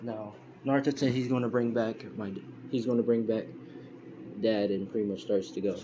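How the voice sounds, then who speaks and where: A man's voice: on the low side, steady tone, normal speed, noisy background. A young man casually retelling a fan story over a phone recording, rambling with lots of fillers and self-corrections. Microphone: phone screen recorder.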